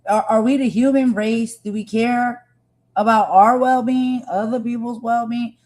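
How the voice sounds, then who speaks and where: A woman's voice: on the high side, fairly even intonation, a little slow, a little mellow. A woman hosting a livestream, talking earnestly and with passion to her viewers. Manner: earnest, impassioned, talks to viewers directly. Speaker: livestream host. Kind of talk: emotional livestream commentary.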